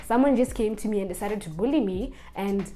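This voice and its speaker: A young woman, telling a casual storytime vlog in an animated way. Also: medium pitch, brisk. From Botswana. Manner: animated storyteller, acts out the people she quotes. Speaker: vlogger.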